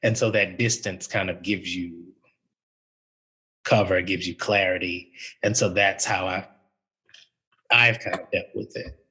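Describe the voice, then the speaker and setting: Bright, husky-voiced male archivist. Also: sits low, steady tone, a little slow, long pauses, low-quality recording. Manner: thoughtful, conversational, with frequent fillers. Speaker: university archivist. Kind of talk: panel discussion.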